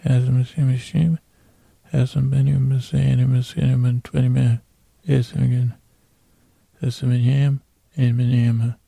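A man's voice: medium pitch, little pitch movement, measured pace, creaky, dark tone, breathy edge, no echo, exaggerated voice. A man voicing a sleepy bear creature who mumbles and slurs his words. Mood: mumbling.

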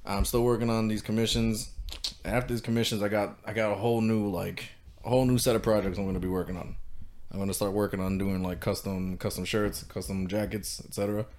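A man's voice: on the low side, flat delivery, fast talker, darkish tone. A man co-hosting a podcast in casual chat, laid-back and swearing freely, with a lingering cough. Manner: laid-back, swears a lot, laughs often. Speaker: podcast co-host.

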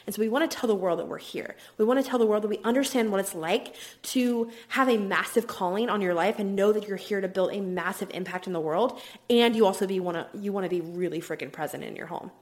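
A woman hosting her own podcast, talking casually and upbeat, with lots of "like" fillers and the odd drop into a whisper. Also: medium pitch. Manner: chatty, upbeat, many "like" fillers, drops into whispers at times. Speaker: podcast host. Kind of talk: casual solo podcast talk.

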